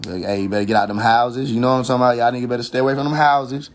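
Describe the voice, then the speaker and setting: A man's voice: mid-range voice, steady tone, very fast. Heated man ranting on a livestream. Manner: heated, preachy and profane, repeats warnings; thinks aloud with frequent restarts. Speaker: livestream host. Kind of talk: casual rant on a social media livestream.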